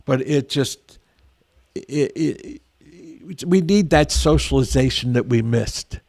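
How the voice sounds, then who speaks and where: A man's voice: mid-range voice, animated, slow pace, darkish tone, no room sound. An older man, a veteran guest, telling stories in a rambling, earnest way with frequent restarts. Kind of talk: casual storytelling interview.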